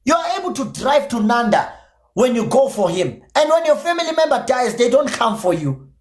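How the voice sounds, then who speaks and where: In an echoey room, a South African man whose first language is isiZulu, and whose accent carries that Zulu inflection, delivers a furious, foul-mouthed, confrontational rant on his podcast stream. His pitch is extremely high with big swings, and his pace is moderate.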